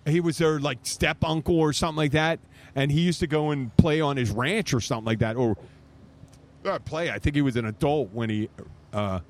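A man's voice: a little high, fairly quick. A man with a slightly raised voice tells rambling stories peppered with swearing. He chats casually as a podcast host, recording outdoors on a bar stage. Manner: rambling, profane storytelling.

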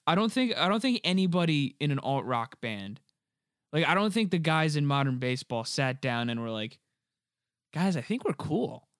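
A young man chatting casually about a movie, animated and joking, swearing freely. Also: fairly high pitch, clean tone, no echo, clean studio sound. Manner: animated, swears freely, quick jokey asides.

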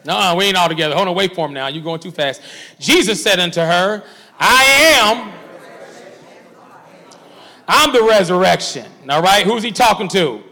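A man's voice: sits high, fast, pushed and bright, big-room sound. A man, a pastor leading a Bible study, reading scripture aloud and coaxing his class with call-and-response. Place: church hall.

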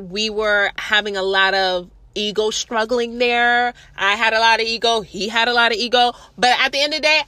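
A young woman telling a casual, profane story about a theft, acting out everyone's lines in lively voices. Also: on the high side, dry recording. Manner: animated, profane, acts out others' voices.

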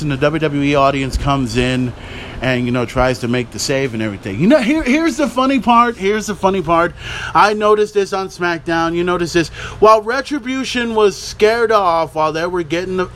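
Excitable, profane man recapping wrestling. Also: a little high, a little hiss or hum. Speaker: podcast host. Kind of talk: casual wrestling recap rant.

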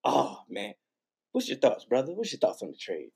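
A man's voice: mid-range voice, huge pitch swings, normal speed, vocal fry, slightly rough. A man co-hosting a sports podcast, talking in a hyped, slangy, teasing way. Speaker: podcast co-host. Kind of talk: casual sports podcast chat.

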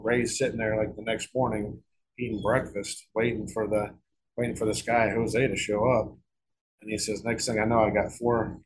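A man's voice: fairly low pitch, slightly rough, low-quality recording. A middle-aged man telling a long story in a casual interview, rambling and profane, with frequent restarts and repeated words. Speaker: guest author.

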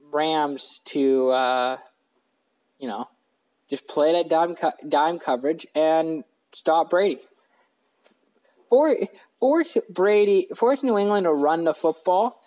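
A man's voice: fairly high pitch, highs cut off. A man hosting a casual sports podcast from his couch, rambling and correcting himself with lots of fillers. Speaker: podcast host. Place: living room couch.

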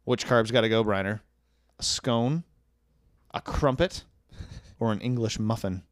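A man's voice: fairly low pitch, measured pace, no room sound, studio quality. A man hosting a podcast, running a food quiz and teasing his co-hosts with lots of swearing. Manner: lively, teasing, swears a lot. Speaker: podcast host. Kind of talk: casual profane podcast banter.

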